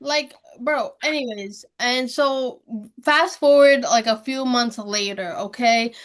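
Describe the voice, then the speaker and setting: A woman's voice: a little high, slow pace. A young woman hosting a podcast, telling a story in casual chat, slangy and swearing freely as she acts out what people said. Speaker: podcast host.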